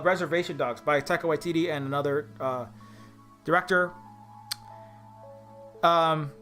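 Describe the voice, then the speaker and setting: A man's voice: high voice, a bit bright. A man from Hawaii giving earnest, rambling video commentary, reading quotes aloud as he goes. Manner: earnest, rambling, often restarts mid-thought. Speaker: indie game developer.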